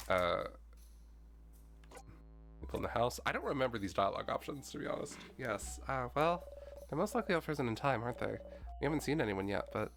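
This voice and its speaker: A man streaming a game, reading the game's text aloud and rambling in a loose, chatty way, with plenty of filler words and light swearing. His voice sits at a middling pitch, and soft game music plays underneath. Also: lively intonation, brisk, gravelly. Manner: rambling, chatty, lots of "like" and restarts, mild swearing. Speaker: streamer playing a video game.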